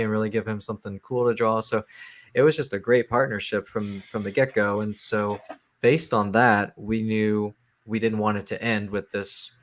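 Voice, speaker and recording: Low, flat-voiced man, halting. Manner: halting, many fillers and restarts. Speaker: comic book writer, guest. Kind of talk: casual interview talk.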